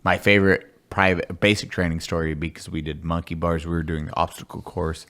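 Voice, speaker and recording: A man who served in the army tells basic training stories in a casual, crude and animated way. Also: low voice, fairly quick. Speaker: army veteran telling stories. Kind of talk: casual podcast storytelling.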